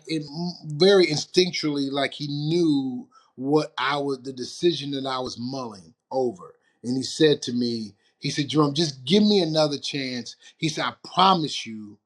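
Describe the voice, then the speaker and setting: A man from Detroit, a retired football player, telling stories as an interview guest, acting out the quoted lines and laughing often. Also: fairly high pitch. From Detroit, USA. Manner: animated storyteller, acts out quotes, laughs often. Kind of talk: storytelling interview.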